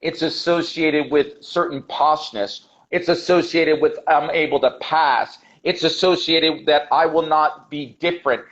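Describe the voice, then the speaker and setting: A man's voice: a little high, steady tone, a little slow, few pauses, a bit bright. An American man, an English teacher being interviewed, talking passionately and emphatically, repeating his key points and calling the host brother. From United States. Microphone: video call. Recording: dull lo-fi video call audio.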